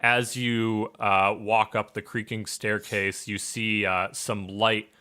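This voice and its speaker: A man's voice: on the low side, flat delivery, slow pace, sharp tone, clean tone. A young man narrating a tabletop game as game master, loose and laughing, with many fillers.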